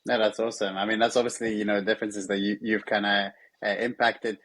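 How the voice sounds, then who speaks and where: A man's voice: fairly low pitch, flat delivery, quick pace, fairly bright tone, no echo. A man hosting an interview, asking long, rambling questions full of fillers. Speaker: host.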